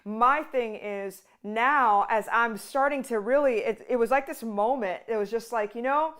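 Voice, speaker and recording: Woman minister, smooth clear voice, higher pitch, chatty teaching with quoted asides. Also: measured pace, fairly bright tone. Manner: conversational, full of "like" and restarts, acts out quotes. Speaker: ministry host. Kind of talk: casual devotional teaching.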